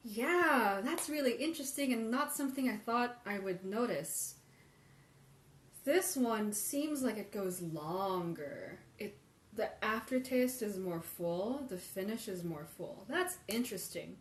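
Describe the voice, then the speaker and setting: A woman's voice: mid-range voice, expressive, unhurried. A woman hosting a live tea tasting, thinking aloud as she compares infusions and answers viewer questions. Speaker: tea livestream host. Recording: roomy livestream audio with faint ambience.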